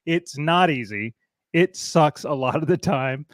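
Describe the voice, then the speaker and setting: A man hosting a podcast in casual conversation, telling stories in a halting way and often repeating words. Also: a little high, animated, dry recording. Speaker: podcast host.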